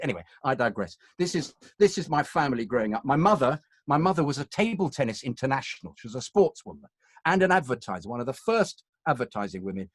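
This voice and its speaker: Quick and sing-song at a medium pitch, this upper-class English actor wanders through anecdotes as a guest. The sound is dry and close, without any room sound, as he reminisces.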